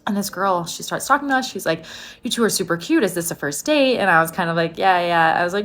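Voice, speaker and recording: A woman's voice: fairly low pitch, expressive, quick pace, fairly bright tone, faint music behind. A young woman telling a dating story in a chatty way, full of "like" and acted-out quotes. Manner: chatty, lots of "like" and quoted dialogue. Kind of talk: casual storytime.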